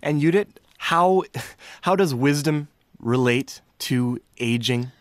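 A man hosting an interview, introducing the guest and asking measured, friendly questions. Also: medium pitch, dry recording. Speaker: host.

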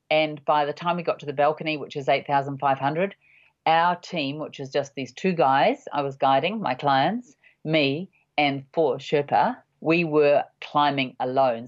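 A woman in her sixties, a mountain guide, giving measured, halting interview answers with many pauses. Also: deep voice. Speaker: high-altitude mountain guide. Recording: dull lo-fi audio.

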